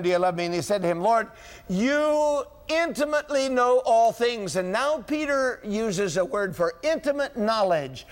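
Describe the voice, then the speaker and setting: A man preaching a sermon, asking rhetorical questions and voicing biblical dialogue, with a chuckle now and then. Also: sits high. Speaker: pastor.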